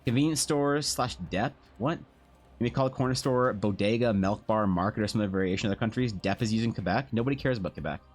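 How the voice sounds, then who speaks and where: A man's voice: on the low side, quick pace, faint music behind. A Canadian man chatting casually on a live stream, rambling and sardonic, with the odd swear. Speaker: streamer and artist.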